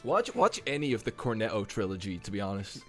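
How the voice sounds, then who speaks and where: Dude on a podcast, jokey and laughing a lot, pitch swings wildly, soft music under it. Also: male voice, big pitch swings, fast. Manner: laughing, teasing banter. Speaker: podcast co-host. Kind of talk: casual chat.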